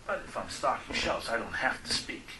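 A man preaching a testimony-style sermon, telling stories and acting out the dialogue, often dropping to a hushed voice for the quoted lines. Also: mid-range voice, sing-song, moderate pace, noisy background.

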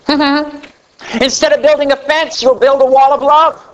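A middle-aged man preaching a sermon, telling a story with animated delivery that swings between loud emphasis and quiet asides. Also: a little slow, lo-fi sound. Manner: animated storytelling preacher, rising to a near shout then dropping low.

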